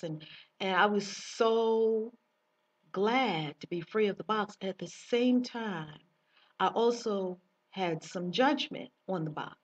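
A woman with a husky, slightly breathy voice gives a personal spiritual monologue to camera, circling back on her phrases for emphasis. She sits back from the mic, and the sound is dull and muffled. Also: mid-range voice, takes it slowly. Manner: repetitive, emphatic storytelling. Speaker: spiritual teacher. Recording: dull distant recording.

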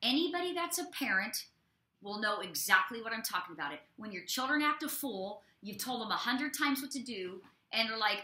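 A woman prophet co-hosting a ministry show, teaching from the Bible in an expressive way with folksy asides to her listeners. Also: fairly high pitch, fairly quick. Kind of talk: animated preaching and Bible teaching. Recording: echoey room.

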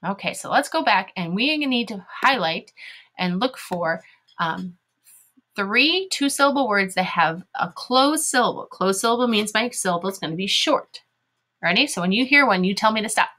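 A woman's voice: medium pitch, animated, normal speed, bright, forceful tone. A woman teaching a phonics lesson to young children, spelling words out letter by letter and sounding them out in an encouraging way.

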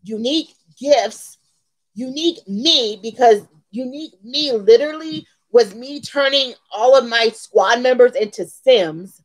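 A forties-aged woman who runs her own beauty channel vents through a storytime vlog, her voice a little high and the recording low in quality. She tells the tale heatedly and emphatically, repeating lines for effect.

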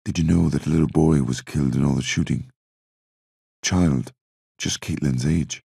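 A man voicing a worried sister who reproaches her brother quietly. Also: rumbling low, normal speed, vocal fry, breathy edge, no echo, studio quality, heavily acted. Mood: reproachful. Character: scolding, worried adult sister.

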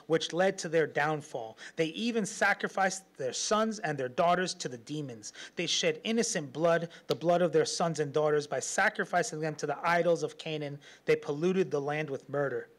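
A man preaching a sermon as pastor, telling stories with lots of laughter and acting out the voices of people in them. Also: a little high. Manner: animated storytelling, laughs often, acts out quotes.

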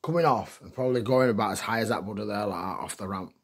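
A man's voice: lowish voice, fast, slightly rough. A middle-aged man tells rambling stories in a chatty way, laughing often and filling his talk with fillers. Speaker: vlogger. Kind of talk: casual rambling storytelling.

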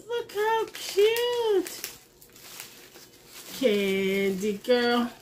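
A woman chatting casually to her viewers while opening craft mail, gushing and excited, and a mother. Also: medium pitch, slight background noise. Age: adult with a son. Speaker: crafting vlogger. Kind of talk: casual unboxing chat.

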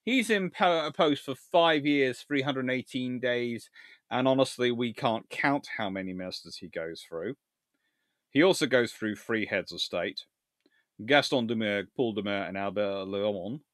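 A man hosting a live-stream history lecture, telling his story in an animated, theatrical way. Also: mid-range voice, a little slow, no room sound, studio quality. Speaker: naval historian host.

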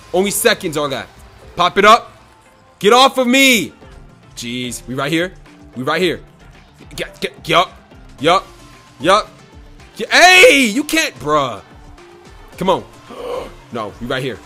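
A man giving excited, trash-talking commentary over his own football video game match, repeating his phrases. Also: a little high. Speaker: gaming YouTuber. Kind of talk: live gameplay commentary.

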